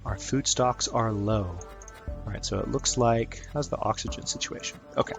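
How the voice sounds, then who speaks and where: A man's voice: fairly low pitch, moderate pace, vocal fry, music in the background. A man giving casual let's-play commentary, chatty and upbeat, thinking aloud with fillers as he plays. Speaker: gameplay commentator.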